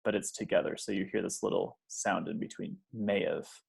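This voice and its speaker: A man teaching English pronunciation, slowly modeling example phrases and checking in with the learner. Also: deep voice, level tone, gravelly, a little mellow, husky. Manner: checks in with "okay?" and "right?". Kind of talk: pronunciation lesson.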